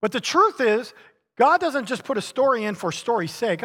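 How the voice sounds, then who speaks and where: Animated man preaching in an echoing hall. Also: very high-pitched, normal speed. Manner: animated storytelling with chuckles. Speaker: pastor. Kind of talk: sermon. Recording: long reverb of a large hall.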